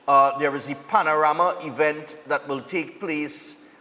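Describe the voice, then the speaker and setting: A Trinidadian man hosts a live morning show in a loose, chatty way. His voice sits a touch high. It rings with a long reverb in the studio. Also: a little slow. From Trinidad and Tobago. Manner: relaxed, chatty, laughing easily. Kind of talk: casual live morning TV chat.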